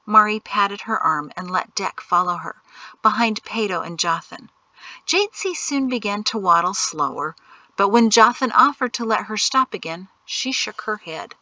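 A woman narrates an audiobook in a measured storytelling voice, now and then dropping to a hush. Her tone is bright and sits close and dry, with no room around it. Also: medium pitch, animated, no room sound. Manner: measured storytelling, softening to hushed whispers. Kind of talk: scripted narration.

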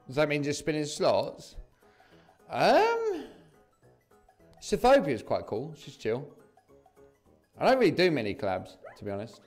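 A man's voice: on the high side, huge pitch swings, measured pace, long pauses, faint music behind. A young English man from southeast England, chatting casually with viewers on a slots live stream and calling them mate and bro.

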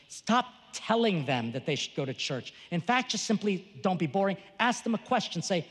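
Male priest speaker, bright high voice, animated delivery, joking teacher, echoing large hall. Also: moderate pace, few pauses, husky. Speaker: Catholic priest and conference speaker. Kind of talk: lively conference talk. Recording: long reverb of a large hall.

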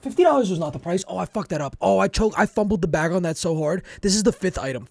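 A man's voice: sits high, expressive, quick pace, vocal fry, hardly any pauses, a little mellow, dry recording, studio quality. A man hosting a price-guessing game on a live stream, brash and profane, joking with chat. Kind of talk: casual live-stream banter.

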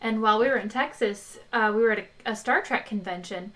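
A woman's voice: mid-range voice, fast, a bit bright. A woman hosting a live game stream, chatting casually, laughing often and thanking donors. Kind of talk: casual chat while playing a game.

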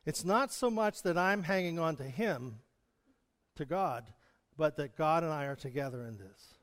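A man's voice: a little high, expressive, moderate pace, a bit bright, long reverb tail. A male pastor preaching a sermon in a conversational manner, chuckling often. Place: church hall.

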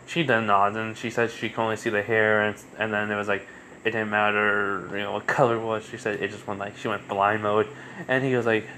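A man's voice: fairly low pitch, little pitch movement, fairly quick, bright, forceful tone, slight background noise. A young adult man casually telling a fan-fiction story, rambling with many fillers.

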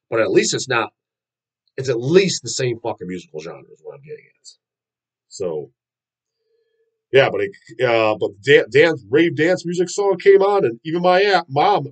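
Casual host type: a husky-voiced man who swears freely and rambles, with an animated, rising and falling delivery. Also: mid-range voice, moderate pace, low-quality recording. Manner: profane, rambling storyteller with frequent fillers. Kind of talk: casual rant about metal.

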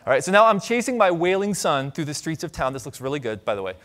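Middle-aged man from Ohio, keynote speaker, higher-pitched voice, animated and humorous with the crowd. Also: fast talker. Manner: animated storytelling, audience asides, light humor. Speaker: conference speaker. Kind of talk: keynote talk with audience questions. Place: conference stage.

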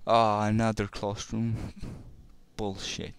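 Gravelly-voiced man narrating gameplay. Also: fairly low pitch, monotone, slow, no room sound. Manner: rambling, restarts words, stumbles. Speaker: let's play commentator. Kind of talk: casual gameplay commentary.

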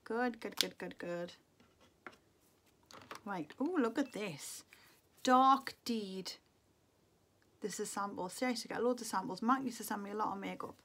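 A woman's voice: medium pitch, measured pace, long pauses, fairly bright tone, slight background noise. A middle-aged woman from England, chatting to camera as a beauty vlogger, muttering to herself in a wistful, casual way. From Northeast England.

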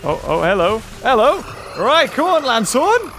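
A man giving excitable let's-play commentary, chatting to enemies with yelps and laughs. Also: extremely high pitch, normal speed, a little hiss or hum. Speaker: gameplay commentator. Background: game music.

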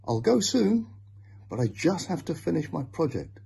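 A man's voice: on the high side, sing-song, moderate pace, creaky, dark tone, husky, voice pushed up, full character voice. A man voicing a stubborn, sleepy teenage girl who brushes off worry, in a children's storybook reading. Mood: dismissive.

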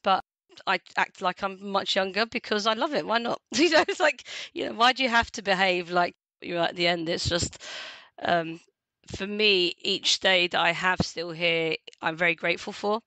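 A woman in her forties, a podcast guest, talking in a chatty, animated way and laughing often. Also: medium pitch, moderate pace, dry recording. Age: 40s. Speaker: guest, community radio host. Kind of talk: casual podcast conversation.

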